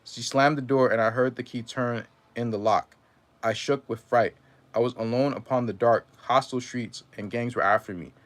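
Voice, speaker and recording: A man reading a first-person memoir aloud in a measured way, now and then stumbling and correcting himself. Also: medium pitch, fairly even intonation. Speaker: reader.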